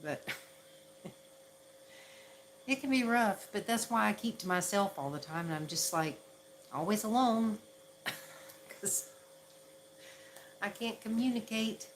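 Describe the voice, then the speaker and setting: A woman's voice: mid-range voice, lively intonation, slow pace, pauses often, a little hiss or hum, poor audio. A woman from the Southern United States with a Southern accent, chatting casually on a livestream and laughing at herself often. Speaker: ASMR livestream host.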